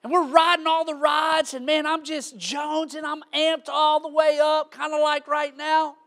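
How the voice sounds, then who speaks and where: High bright-voiced pastor. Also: male voice, moderate pace. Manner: animated storytelling, shouts out quoted lines. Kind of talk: sermon.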